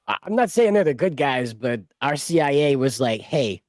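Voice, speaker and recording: A man's voice: mid-range voice, sing-song, normal speed, a little mellow, a little hiss or hum. A man hosting a drawing stream, bantering casually and laughing often. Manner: joking, laughs often, irreverent. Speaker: stream host.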